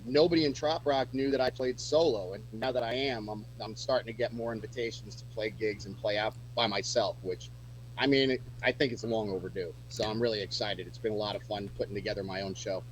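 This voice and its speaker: A man's voice: fairly low pitch, a little fast, low-quality recording. Chatty male musician guest, faint hum. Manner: chatty, lots of fillers and restarts. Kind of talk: casual radio chat.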